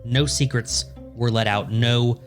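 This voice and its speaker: A man's voice: mid-range voice, steady tone, unhurried, faint music behind. A man co-hosting a podcast, telling a history story in a loose, joking way and swearing freely. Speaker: podcast co-host. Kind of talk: casual storytelling chat.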